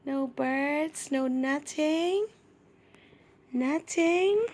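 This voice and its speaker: A woman filming her kitten and talking to it in sing-song baby talk, asking it many gentle questions. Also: fairly high pitch, slow pace. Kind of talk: cooing pet talk.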